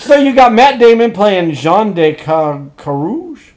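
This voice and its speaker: A man co-hosting a casual podcast about upcoming movies, excitable, swinging from quiet asides to loud outbursts. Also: high voice, a little slow. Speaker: podcast co-host.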